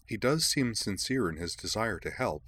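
A man reading a musing, measured woman adventurer. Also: lowish voice, animated, a bit bright, husky, pitched above the performer's own voice.

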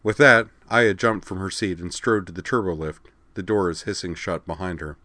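Deep-voiced man narrating a sci-fi story. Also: normal speed, bright, forceful tone, dry recording. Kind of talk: scripted narration.

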